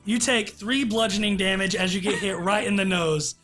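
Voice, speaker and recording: A man narrating as game master in a tabletop game, halting, with many fillers. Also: sits high, bright, forceful tone, faint music behind.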